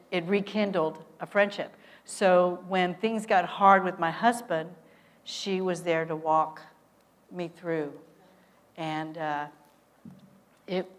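Woman preaching with emphatic swings. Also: medium pitch. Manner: animated storytelling with emphatic swings in loudness. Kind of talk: sermon.

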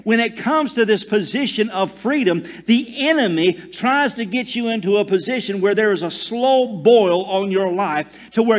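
A man preaching a sermon in a fairly high voice. He swings from loud declarations to hushed near-whispers and breaks in with jokes. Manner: tells jokes and laughs at himself. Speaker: pastor.

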